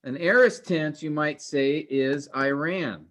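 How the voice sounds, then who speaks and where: Halting man teaching a class. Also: fairly high pitch, fairly bright tone, a little hiss or hum. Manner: halting, many fillers and restarts. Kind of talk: classroom lecture.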